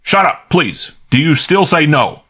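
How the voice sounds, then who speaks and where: A man voicing a gruff, hot-tempered middle-aged police inspector in an audiobook, clipped and barking. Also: a little high, lively intonation, a little slow, a bit bright, voice pushed up, full character voice. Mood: interrogating. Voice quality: barking, clipped, jaw-clenched delivery. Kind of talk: audiobook character voice.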